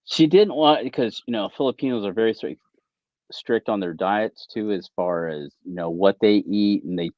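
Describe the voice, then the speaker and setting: Brief: laid-back guest DJ, man, low voice, easygoing rambling chat, slightly dull mic. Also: normal speed, dry recording. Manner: relaxed, rambling, lots of "you know". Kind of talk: casual podcast chat.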